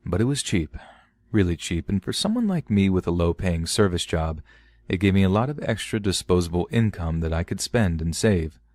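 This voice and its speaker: Deep-voiced man casually telling a scary story. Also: sing-song, moderate pace, a little mellow, dry recording. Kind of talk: first-person horror story narration.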